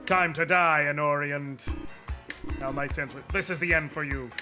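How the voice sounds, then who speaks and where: A cruel, boastful villain knight from a video game, put on by a male streamer. He gloats in a theatrical, slightly high voice. Music plays in the background. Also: fairly even intonation, normal speed, close to an everyday voice. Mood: menacing. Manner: theatrical, gloating, swings to shouting rage. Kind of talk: dramatic reading of game dialogue. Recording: music behind the voice.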